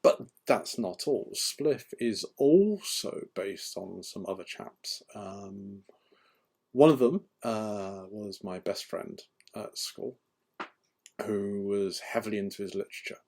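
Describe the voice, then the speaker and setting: A man's voice: lowish voice, slow, a little mellow. A man, an author, chatting casually and rambling with frequent ums and restarts. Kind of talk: casual chat.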